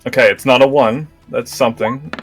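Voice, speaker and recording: A man's voice: medium pitch, unhurried, faint music behind. Hesitant man playing a tabletop game. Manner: rambling, hesitant, full of "uh" and restarts. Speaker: player. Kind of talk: casual tabletop game chat.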